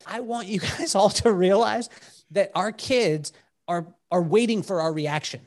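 A man telling animated stories as a podcast guest, acting out what people said and breaking into song, with halting restarts when he explains a point. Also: high voice. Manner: lively storyteller who acts out quotes and sings bits. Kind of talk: animated storytelling in conversation.

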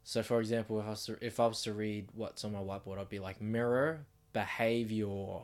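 Aussie guy on a chill podcast, lowish voice, talks you through stuff. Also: rapid-fire. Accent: Australian. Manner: explains ideas step by step, relaxed and loose. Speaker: podcast co-host. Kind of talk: casual podcast chat. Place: home bedroom.

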